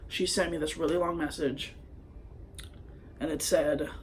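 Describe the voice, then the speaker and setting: A man's voice: a little high, steady tone, unhurried, a little hiss or hum. A young man vlogging into his phone, telling a personal story in a hesitant, rambling way full of fillers. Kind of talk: confessional personal vlog.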